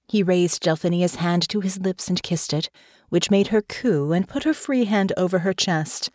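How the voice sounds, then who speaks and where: A woman's voice: fairly low pitch, moderate pace, darkish tone, no echo, studio quality. A woman reading a fantasy novel aloud as audiobook narrator. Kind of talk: scripted narration.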